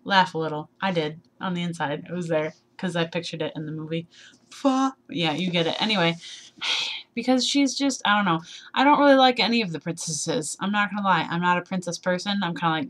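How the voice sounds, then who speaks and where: A young woman in her early twenties talks through a casual tag video in a somewhat low voice. She rambles, trails off and laughs at her own jokes, sounding slightly sleep deprived. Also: a little fast, fairly bright tone. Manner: rambling, self-deprecating, giggly. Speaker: vlogger.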